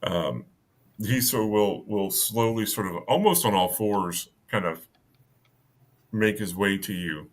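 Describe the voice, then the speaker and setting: A man narrating as game master of a tabletop game, halting and full of fillers. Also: fairly low pitch. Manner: halting, many fillers and restarts.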